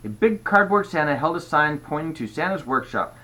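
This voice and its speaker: An older grandfather reading a children's storybook aloud in an expressive manner. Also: fairly high pitch, fairly quick, poor audio. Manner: expressive, stops to restart.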